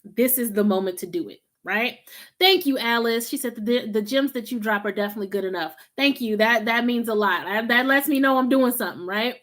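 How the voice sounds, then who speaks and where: A woman with a Southern country drawl talks casually to viewers on a live stream. Her voice sits a little high, and her delivery is loose and slangy, with laughs scattered through it. She grew up in Los Angeles, yet the drawl comes through thick. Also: brisk, a bit bright. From Los Angeles, USA. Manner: chatty and informal, slangy, laughs often. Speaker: host of a spiritual live stream.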